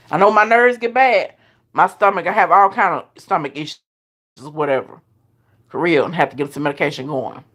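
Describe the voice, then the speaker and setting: A woman's voice: mid-range voice, a bit bright. A woman hosting a casual live chat, talking straight to her viewers and laughing often. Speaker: live stream host.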